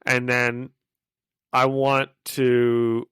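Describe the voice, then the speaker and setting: A man co-hosting a podcast, excitedly recapping a comic issue in casual chat, thinking aloud and laughing easily. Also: mid-range voice, extremely slow, clear, resonant tone, dry recording. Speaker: podcast co-host.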